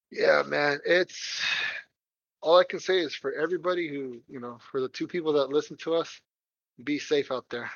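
A man's voice: on the high side, steady tone, a little slow, creaky, long pauses, a bit bright, no room sound. A man co-hosting a casual podcast chat, laid-back and profane, laughing easily, on a dull lo-fi recording. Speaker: podcast co-host. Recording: dull lo-fi sound.

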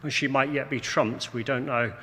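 A man preaching a sermon, measured and deliberate, slowing down for emphasis, with dry, wry asides. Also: mid-range voice, steady tone, pushed and bright. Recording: long hall reverb, faint room noise.

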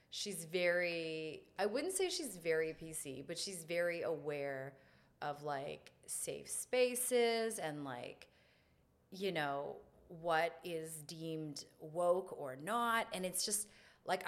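A middle-aged woman stand-up comic talking frankly in a casual podcast conversation, breaking into loud laughs. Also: lowish voice. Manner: frank, laughs loudly, quick back-and-forth.

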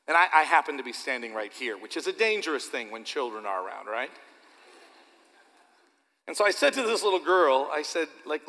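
Guy preaching in church, bright voice, lots of hall echo, keeps repeating himself. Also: a little high, brisk. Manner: animated, repetitive, talks to the audience directly. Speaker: pastor. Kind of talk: sermon.

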